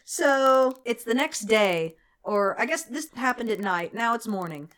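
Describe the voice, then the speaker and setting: A woman's voice: on the high side, expressive, unhurried, a bit bright. A woman co-hosting a casual podcast, recapping a movie with profane, sarcastic humor and frequent laughter. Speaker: podcast co-host.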